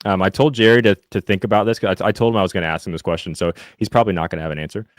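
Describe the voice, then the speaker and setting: A young man from Indiana co-hosting a podcast, chatting casually about football and fast food and reading the live chat, rambling with many fillers and restarts. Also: sits low, steady tone, dry recording, studio quality. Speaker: podcast co-host.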